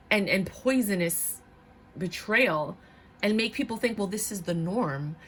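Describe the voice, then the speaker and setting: Young woman doing a tarot reading to camera, blunt and animated, mid pitch, acts out other people's voices. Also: a little hiss or hum. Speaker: tarot reader.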